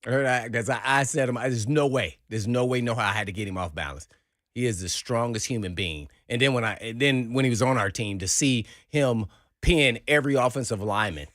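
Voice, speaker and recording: A man co-hosting sports talk radio, telling an animated story and acting out the quotes. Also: mid-range voice, brisk, no echo, clean studio sound. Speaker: sports radio co-host, former player.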